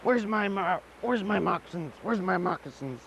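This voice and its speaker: A man's voice: sits high, big pitch swings, moderate pace, a bit bright, a little hiss or hum, pitched above the performer's own voice. A man putting on a frantic, ornery old bird creature. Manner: frantic, demanding, repeats questions.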